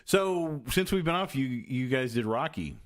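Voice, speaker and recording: A man hosting a podcast in casual chat, rambling and halting with lots of fillers and restarts. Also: mid-range voice, animated. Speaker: podcast host.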